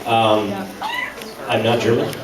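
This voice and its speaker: A man's voice: lowish voice, flat delivery, slow. Casual male voice-actor panelist, self-deprecating, recorded from the crowd in a noisy hall. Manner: chatty, self-deprecating, laughs often. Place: large convention hall. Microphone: audience camera from a distance. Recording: echoey hall from far off, background noise.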